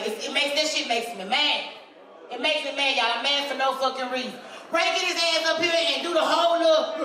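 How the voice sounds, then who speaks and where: A loud, brash woman comedian working a club stage in a profane stand-up routine. Her voice sits very high and bright, with a forceful edge. She sounds distant and echoey, picked up from across a reverberant room. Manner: loud, brash, repetitive catchphrases.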